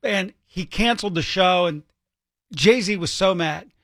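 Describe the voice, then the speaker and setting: A man's voice: high-pitched, a little slow, fairly bright tone, no room sound. Chatty male radio co-host, dry studio sound. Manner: chatty, rambling with restarts. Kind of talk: casual on-air banter. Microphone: studio microphone.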